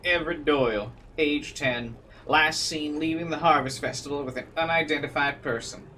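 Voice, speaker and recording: A man voicing a frantic parent pleading for help, in a high urgent voice. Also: normal speed, bright, forceful tone, slight background noise. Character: frantic parent pleading about missing son.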